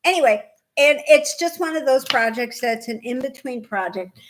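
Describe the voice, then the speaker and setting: A woman from Indiana co-hosting a knitting podcast, telling animated stories in casual chat and laughing often. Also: high voice, normal speed, noisy background. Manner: animated storyteller, laughs often, acts out quoted dialogue. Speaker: podcast co-host.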